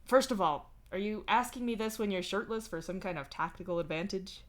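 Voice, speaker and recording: A woman reading a deadpan young guy. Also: medium pitch, a little fast, lightly acted. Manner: deadpan, casual drawl. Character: laid-back deadpan young man.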